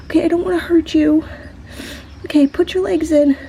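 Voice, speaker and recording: With a very high, mellow voice, fairly even intonation and some vocal fry, a woman talks at normal speed into a handheld camera phone, which adds a little hiss or hum. She's vlogging casually on the spot by a tree below an apartment, flustered and shaky, breathing heavily, repeating herself and dropping to whispers.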